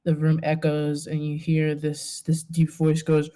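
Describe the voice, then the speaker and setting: A woman narrating a tabletop game as game master, hesitant, with many pauses and fillers. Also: low voice, monotone, warm tone.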